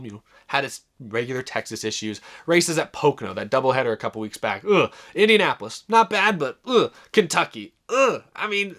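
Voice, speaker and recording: Excitable man reviewing a race. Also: mid-range voice. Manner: animated, enthusiastic, many fillers and restarts. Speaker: racing commentary host. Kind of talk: casual solo race review.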